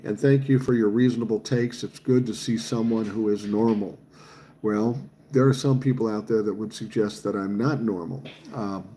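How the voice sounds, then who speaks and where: A man's voice: fairly low pitch, dark tone. A man, chatting casually on a livestream and reading viewer comments aloud, swearing freely. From Minnesota, USA. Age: 60s. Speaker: livestream host reading chat.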